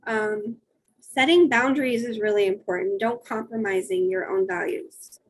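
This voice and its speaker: A woman's voice: mid-range voice, moderate pace, low-quality recording. A middle-aged woman, a wellness coach, giving a friendly, conversational webinar presentation and listing practical tips.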